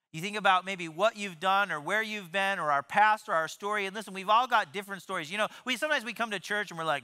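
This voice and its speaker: A man giving a sermon as pastor, animated, often repeating and restarting words and acting out quoted voices. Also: high-pitched, a little fast, hardly any pauses. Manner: acts out quoted voices in his preaching.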